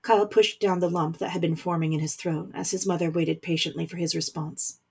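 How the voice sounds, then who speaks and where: A woman reading a story aloud as narrator, in measured scripted narration. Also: lowish voice, steady tone, vocal fry, darkish tone, husky.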